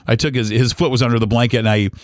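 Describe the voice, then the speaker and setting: A podcast host in his forties tells a personal story in an ordinary middle-pitched voice with fairly even intonation. He speaks earnestly but haltingly, frequently pausing on fillers and restarting sentences, in a close, dry recording.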